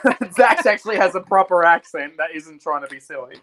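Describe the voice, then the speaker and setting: A woman's voice: lowish voice, lively intonation, fairly quick, a crowd in the background. A woman with a mixed Australian and British accent, chatting easily and affectionately with friends. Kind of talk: casual chat among friends.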